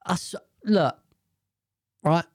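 A man's voice: slow pace, darkish tone, dry recording, studio quality. A man in casual, rambling commentary on the news, swearing freely and often correcting himself.

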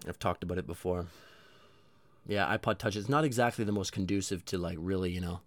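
A man's voice: low voice, brisk, no room sound. A man hosting his own show in a casual solo monologue, rambling, swearing and mocking himself with lots of energy. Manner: rambling, profane, self-mocking. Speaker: podcast host.

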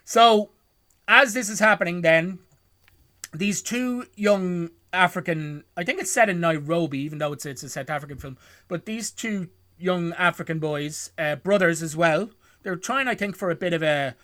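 A man's voice: high voice, normal speed, bright, forceful tone, no echo. A man recapping a film plot for his podcast co-hosts in a rambling, self-correcting way, chuckling often. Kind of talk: casual chat.

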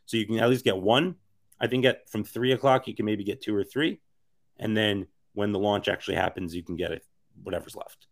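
A man with a worn, raspy voice that sounds hoarse. He talks as a podcast guest in a loose, rambling way, circling back and restarting his sentences. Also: on the low side, steady tone, a little fast. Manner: rambling, filler-heavy, many restarts. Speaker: interview guest, NFT project co-founder. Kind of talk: casual podcast interview.

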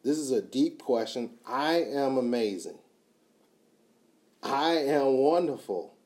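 A man giving a motivational talk, emphatic and repetitive, swinging from quiet to loud. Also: mid-range voice, expressive, slow. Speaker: motivational speaker.

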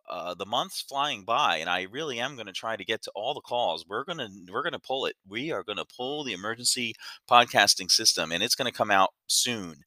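A man's voice: lowish voice, bright, forceful tone, no room sound. A man hosting his own podcast, rambling casually and stumbling over his words with self-deprecating asides. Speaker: podcast host. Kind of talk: casual solo podcast monologue.

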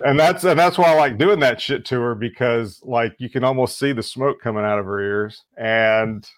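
A man telling stories in a casual podcast chat, rambling and halting, full of fillers. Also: medium pitch, no room sound. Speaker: podcast co-host.

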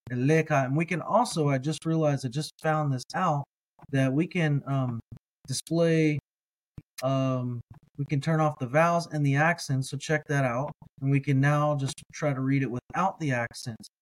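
A man teaching a reading lesson, patiently repeating each word slowly for listeners to echo. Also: a little high, steady tone. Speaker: language teacher.

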